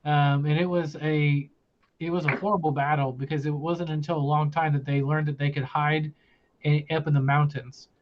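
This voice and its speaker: A young man recapping a tabletop campaign as game master, loose and rambling with many pauses. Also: a little high, little pitch movement, lo-fi sound, noisy background.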